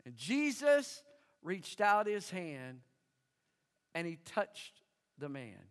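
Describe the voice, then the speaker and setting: A man's voice: sits high, sing-song, slow pace, pauses often. A man preaching a sermon as pastor, emphatic and calling out for his congregation to answer back. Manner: emphatic, engages congregation with call-and-response. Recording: long hall reverb.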